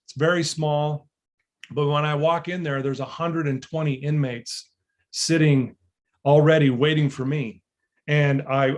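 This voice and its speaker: Earnest storytelling man, fairly high voice. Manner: earnest, builds to emphatic peaks, frequent fillers. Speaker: motivational speaker. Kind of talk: storytelling talk to an audience.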